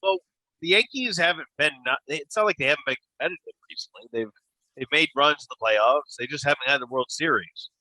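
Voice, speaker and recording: A man co-hosting a casual sports talk show, speaking in a measured and questioning way with hesitant restarts. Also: on the high side, expressive, pushed and bright, no room sound, low-quality recording.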